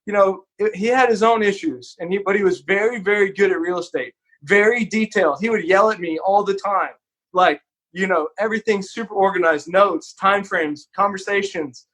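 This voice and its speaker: A man's voice: high voice, moderate pace, a bit bright. A man from Texas, a podcast guest, telling an earnest, candid story in a casual, conversational way.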